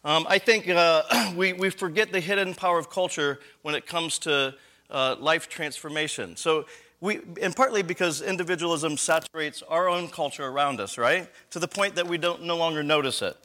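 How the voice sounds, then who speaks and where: A man's voice: a little high, moderate pace, sharp tone. A man giving a live conference talk on church leadership, lecturing conversationally with rhetorical questions and frequent self-corrections.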